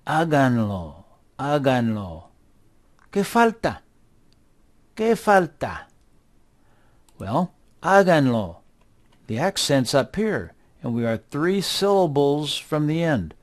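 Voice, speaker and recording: A middle-aged man teaching a language lesson to children. He talks patiently and repeats words one at a time as drills. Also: mid-range voice. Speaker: Spanish teacher. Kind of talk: slow, deliberate classroom instruction for kids.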